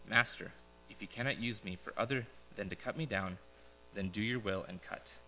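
Man doing a humbled male bamboo in a parable, hushed, pleading, lowish voice, roomy hall sound. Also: moderate pace, a little hiss or hum. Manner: trembling, pleading, low. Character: proud then humbled bamboo plant, male. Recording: echoey large hall.

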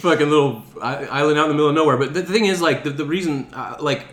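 A man's voice: fairly high pitch, racing. Joking man in a roomy room. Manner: joking, profane, animated storyteller. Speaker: podcast co-host. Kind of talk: casual chat. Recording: roomy echo.

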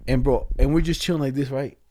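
A man's voice: mid-range voice, steady tone, fast talker, darkish tone. A young man chatting casually with a friend, telling stories in heavy slang and laughing often. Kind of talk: casual chat between friends.

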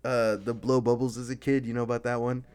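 A man hosting a podcast in casual chat, laughing often and acting out friends in quick voices. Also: medium pitch, little pitch movement, a little mellow, clean tone. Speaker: podcast host.

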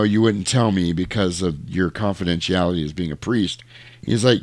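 A man's voice: deep voice, normal speed, dry recording. A man on a podcast casually recapping a movie, acting out the characters' lines as he goes. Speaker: podcast co-host recapping a film. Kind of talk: casual chat.

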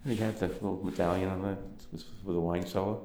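An older Brooklyn man with a Brooklyn accent rambles through anecdotes in an oral history interview, using lots of fillers. His low-pitched, mellow voice keeps a fairly even intonation at a quick pace, and the recording sounds roomy.

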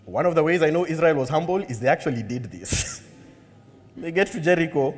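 A man preaching a sermon, animated and humorous, acting out bits of dialogue as he tells a story. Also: fairly high pitch, brisk, big-room sound, slight background noise. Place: church hall.

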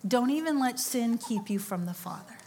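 Woman preaching a lively story sermon. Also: a little high, normal speed. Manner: storytelling, animated quoted voices, laughing asides. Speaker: conference speaker. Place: church or conference hall.

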